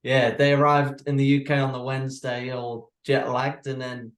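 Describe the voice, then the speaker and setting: A man's voice: mid-range voice, level tone, moderate pace, echoey room. A young man from North Wales, a guitarist, with an accent mixing English and Welsh, talking in an easygoing, rambling way in a video call interview. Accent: mixed English and Welsh.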